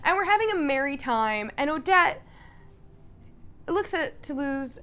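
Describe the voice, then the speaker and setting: Animated, chatty woman telling a story. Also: sits high, unhurried, pauses often. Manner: animated, chatty, full of fillers and laughs. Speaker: vlogger. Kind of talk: casual storytelling recap.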